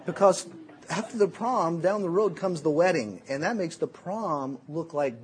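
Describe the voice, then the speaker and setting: Animated, high-pitched male Bible teacher. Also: normal speed, a little hiss or hum. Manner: animated, jokey storytelling. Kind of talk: sermon.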